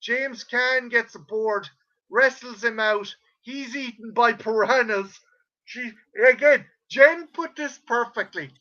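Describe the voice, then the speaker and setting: A man's voice: extremely high pitch, slow, lo-fi sound. A man co-hosting a film review podcast, casually retelling a plot with lots of swearing. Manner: profane, rambling, animated retelling. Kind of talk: casual chat.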